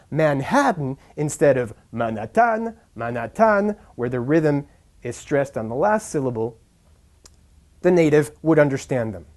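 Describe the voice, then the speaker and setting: Man, pronunciation teacher, slow deliberate delivery, mellow tone, exaggerated syllable stress. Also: on the high side. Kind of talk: scripted English lesson.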